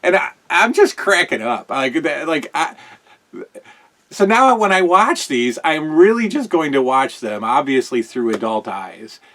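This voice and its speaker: A man's voice: on the high side, very animated, unhurried, a bit bright. A man hosting a show, chatting casually as he reviews old wrestling broadcasts, rambling with lots of fillers and amused asides. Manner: amused, often chuckling.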